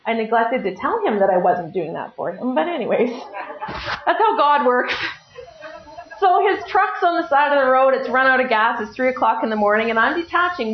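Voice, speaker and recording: A middle-aged woman giving a personal testimony at a recovery meeting, telling her story with lively self-mockery and acting out what people said. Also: high voice, moderate pace, slight background noise. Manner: lively, self-mocking storytelling with acted-out quotes. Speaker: speaker sharing at a recovery meeting. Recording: echoey room, dull lo-fi sound.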